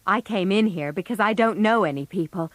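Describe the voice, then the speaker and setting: A woman's voice: mid-range voice, fairly quick, no echo, lightly acted. A woman voicing a shy, polite teenage boy in a read-aloud storybook, in close to her own voice.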